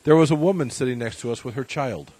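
A man in casual chat, easygoing and quick to laugh. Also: medium pitch, background noise.

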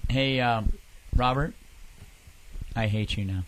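A man's voice: mid-range voice, takes it slowly, slight background noise. A man hosting a recovery-themed podcast, joking around in casual chat with his co-hosts. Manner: joking, playful, breaks into goofy singing. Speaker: podcast host.

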